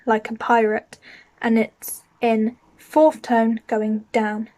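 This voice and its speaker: A woman teaching a language lesson, explaining each word slowly and saying it twice for the learner to repeat. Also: fairly high pitch, flat delivery, a little mellow. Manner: patient, says each word twice clearly. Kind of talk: slow, clear lesson with repeat-after-me drills.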